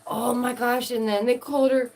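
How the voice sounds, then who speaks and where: A woman vlogger giving sarcastic, animated commentary and laughing often. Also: a little high, normal speed. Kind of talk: casual opinion commentary.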